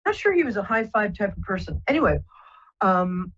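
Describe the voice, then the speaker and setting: Gentle husky woman psychic host. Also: mid-range voice, very animated, fairly quick. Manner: gentle, reassuring, rambling with many fillers. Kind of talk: live call-in psychic reading. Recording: muffled lo-fi broadcast audio.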